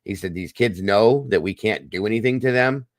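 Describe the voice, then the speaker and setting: A man's voice: on the low side, normal speed, no echo. Blunt rambling middle-aged man. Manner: rambling, blunt, repeats himself. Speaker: podcast host. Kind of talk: casual storytelling monologue.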